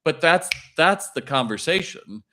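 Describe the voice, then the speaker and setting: A man's voice: on the high side, unhurried, slight background noise. A middle-aged man, a retail consultant, chatting as a podcast guest and acting out shop dialogue in his stories. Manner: animated storyteller acting out dialogue. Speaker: retail consultant and keynote speaker.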